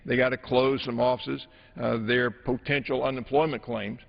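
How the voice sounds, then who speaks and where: A man managing a floor debate as a legislator, speaking in a measured, halting way with many filler pauses. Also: mid-range voice, flat delivery, vocal fry. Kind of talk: formal floor debate speech. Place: large legislative chamber. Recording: dull audio in an echoing chamber.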